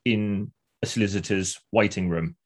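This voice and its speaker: A man's voice: lowish voice, steady tone, moderate pace. A man, co-hosting a podcast, chatting casually and enthusiastically retelling TV scenes. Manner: enthusiastic storyteller, acts out scenes. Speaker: podcast co-host. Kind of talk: casual chat.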